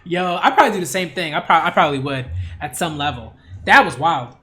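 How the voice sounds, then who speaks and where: A man reading a manga aloud and reacting to it in a casual, excitable way, full of slang like "yo" and "like". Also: a little high, brisk. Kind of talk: casual read-along reaction.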